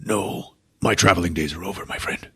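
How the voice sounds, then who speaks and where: A man voicing a dying male warrior who speaks a calm, resigned farewell in a soft, low, hushed voice. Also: fairly quick, husky, full character voice.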